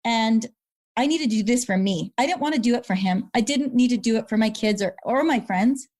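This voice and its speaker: A woman's voice: on the high side, a little fast, darkish tone. A middle-aged woman, a podcast guest earnestly telling a personal story and repeating words when moved. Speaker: guest, brain injury survivor.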